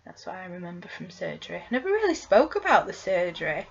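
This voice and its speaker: A woman's voice: on the low side, very animated, quick pace, gravelly, highs cut off. A woman vlogging in casual chat with her boyfriend, rambling with lots of ums and tag questions.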